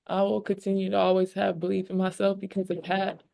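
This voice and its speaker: A woman's voice: mid-range voice, completely flat delivery, a little fast, gravelly, mellow. A young woman basketball player answering press conference questions in a candid, reflective way with many fillers.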